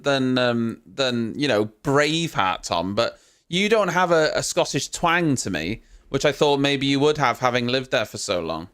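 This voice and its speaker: A man's voice: medium pitch, big pitch swings, measured pace, a bit bright, clear, resonant tone. A man hosting a live stream, giving casual reaction commentary with chatty, teasing banter and casual swearing.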